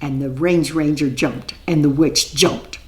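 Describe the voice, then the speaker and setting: A woman reading a children's story aloud in a gentle, rhythmic, repetitive telling. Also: low-pitched, steady tone, measured pace, low-quality recording.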